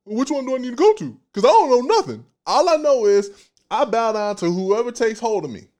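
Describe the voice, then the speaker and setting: A man voicing a personified soul as a confused, eager figure that bows to whoever holds it. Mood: bewildered. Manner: high, rushed and excitable.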